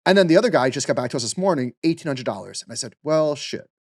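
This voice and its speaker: A man co-hosting a podcast rattles through an animated story at a fast clip, full of fillers. His voice is recorded close and dry on the mic. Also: mid-range voice, no echo. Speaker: podcast co-host. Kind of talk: casual podcast chat.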